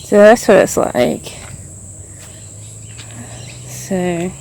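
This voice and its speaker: A woman's voice: on the low side, fairly even intonation, very slow, a little mellow, slight background noise. A woman vlogging outdoors as she walks around, rambling and frustrated, full of fillers. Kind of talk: venting vlog monologue.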